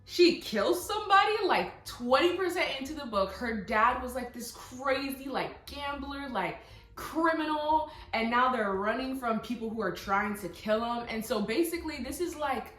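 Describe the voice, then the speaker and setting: A young woman vlogger reviewing books in casual, excited chat, full of fillers and quoted asides. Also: high voice, normal speed. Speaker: book vlogger. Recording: echoey room, faint music.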